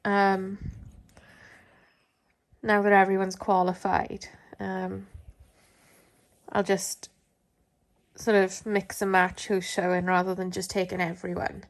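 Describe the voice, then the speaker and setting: Holding her phone at home, a woman who shows dogs talks in a loose, rambling vlog full of filler words. She speaks at medium pitch in a monotone, taking her time and pausing often.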